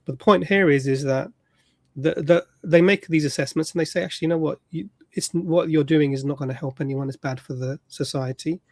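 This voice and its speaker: A man hosting an online panel, emphatic as he explains his point. His voice is fairly high, and the sound is dry and close. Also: fairly quick, a little mellow, dry recording.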